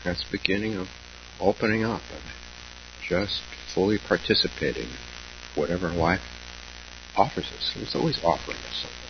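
A man, a Zen teacher, giving a dharma talk in a slow, halting, reflective way with pauses and soft laughs. Dull lo-fi recording with a faint hum. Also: deep voice, gravelly.

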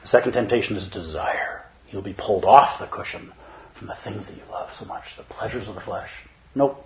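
A man giving a Zen dharma talk in an animated, playful way, at times putting on other voices. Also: lowish voice, fairly quick, lo-fi sound. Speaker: Zen teacher.

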